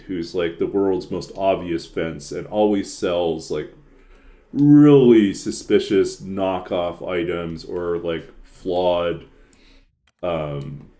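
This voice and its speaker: A man's voice: low-pitched, mellow. A man streaming a game and chatting casually, rambling with lots of filler words and frequent chuckles. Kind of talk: casual chat while playing.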